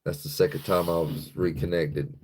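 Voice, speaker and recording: A man's voice: low voice, little pitch movement, normal speed, darkish tone, husky. A man chatting casually on his live stream, rambling loosely and swearing freely, into a phone on a stick.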